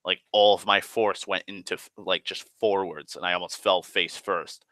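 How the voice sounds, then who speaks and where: Rambling, swearing man with a bright voice. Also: sits low, fairly even intonation, normal speed, no room sound. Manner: rambling, profane, heavy on "like" fillers and restarts. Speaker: tabletop game player recounting a session. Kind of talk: casual spoken storytelling.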